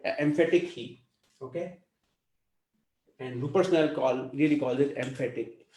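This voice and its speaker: A man's voice: mid-range voice, unhurried, darkish tone, reverberant, low-quality recording. A man teaching a language class, explaining patiently and checking in with students often. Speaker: Hindi teacher.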